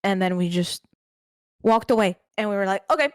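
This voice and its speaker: Young woman, streamer guest, casual hesitant answers, fillers, middle pitch, dry close sound. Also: steady tone, clean tone, no echo. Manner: hesitant, halting, with fillers and soft laughs.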